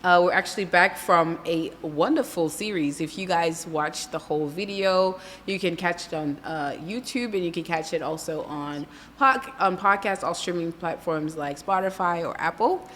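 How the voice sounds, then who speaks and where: A woman's voice: on the low side, normal speed, few pauses, a bit bright, big-room sound, slight background noise. A woman hosting a podcast in casual, playful chat, laughing often and dropping into French. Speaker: podcast host.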